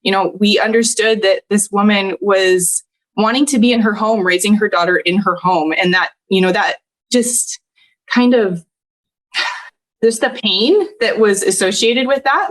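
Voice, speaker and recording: An earnest woman in her thirties opens up as a podcast guest. Her medium-pitched voice wavers with emotion as she tells a personal story, and she laughs through the tears now and then. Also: moderate pace.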